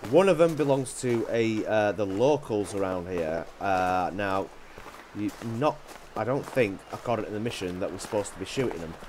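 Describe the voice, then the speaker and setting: Low-voiced man narrating gameplay. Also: lively intonation, normal speed, a little mellow, a little hiss or hum. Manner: rambling, hesitant, lots of ums and uhs. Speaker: gaming channel host. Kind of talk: casual gameplay commentary.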